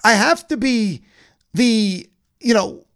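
A man's voice: high-pitched, lively intonation, slow, a bit bright. A man interviewing a guest, eagerly jumping in with prompts and quotes in a conversational way.

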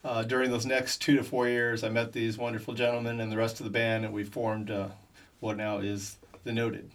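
A man from Arizona, a keyboardist and singer being interviewed, explaining his move in an earnest, steady way. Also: mid-range voice, normal speed. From Tucson, Arizona, US. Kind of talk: casual interview chat. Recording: distant mic.

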